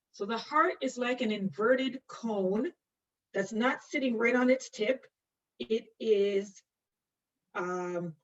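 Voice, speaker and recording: A woman's voice: a little high, husky. A middle-aged woman teaching an online nursing anatomy class, chatty and laughing often as she answers students by name. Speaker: nursing instructor. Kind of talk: live online anatomy lecture. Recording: distant, dull lo-fi mic.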